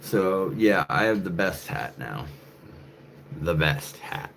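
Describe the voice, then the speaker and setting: A man's voice: deep voice, expressive, slow pace, vocal fry, fairly bright tone. A man rambling in a casual, profane monologue to camera, full of fillers and restarts. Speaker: channel host. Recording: faint background noise.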